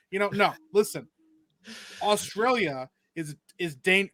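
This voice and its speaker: Man from Michigan, very high voice, bright tone, ranting and swearing, casual podcast talk. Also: a little slow, no room sound, clean studio sound. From Michigan, USA. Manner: ranting, profane, animated. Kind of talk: casual chat.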